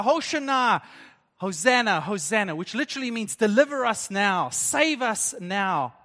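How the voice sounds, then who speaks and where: A man with a notably high voice preaching to his congregation in a conversational, question-asking way. His words ring out with a long reverb in a church hall. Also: fairly bright tone. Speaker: pastor. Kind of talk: sermon.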